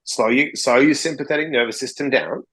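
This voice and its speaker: A man, a podcast guest telling stories in a casual, animated way and acting out both sides of the dialogue. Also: mid-range voice, brisk, slightly rough, poor audio. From Australia. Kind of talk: casual storytelling in a podcast interview.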